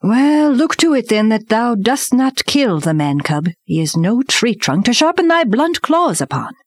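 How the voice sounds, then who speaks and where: A woman's voice: a little high, very animated, unhurried, no echo, clean studio sound, pitched above the performer's own voice. A woman voicing a proud male black panther in a storybook reading, speaking in a scornful, teasing way. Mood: wry.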